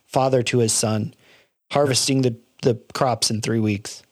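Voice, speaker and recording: A man's voice: medium pitch, steady tone, a little slow, no room sound. Male co-host, mid-range voice, earnest and reflective, dry close-miked sound, casual podcast talk. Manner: earnest, reflective, many restarts. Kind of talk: casual faith-based film discussion.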